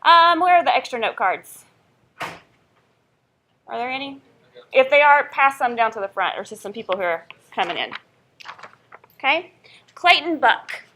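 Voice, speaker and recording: Southern woman professor, young, chatty and upbeat, bright higher voice, keeps asking "okay?". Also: lively intonation, normal speed, long pauses, slight background noise. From North Carolina. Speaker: college professor. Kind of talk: first-day class introduction and roll call. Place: classroom.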